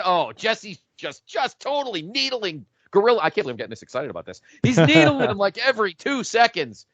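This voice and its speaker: A man talks in excited casual chat, narrating an imagined match like a breathless play-by-play and swearing freely. His voice is bright and forceful and sits a little high. The recording is dry and somewhat dull, like lo-fi home podcast audio. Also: a little fast, few pauses, dry recording. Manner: animated, profane play-by-play storytelling. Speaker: podcast co-host.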